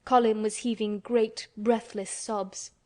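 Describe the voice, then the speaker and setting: A woman narrating an audiobook in a steady, measured way. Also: fairly high pitch. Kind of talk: scripted narration.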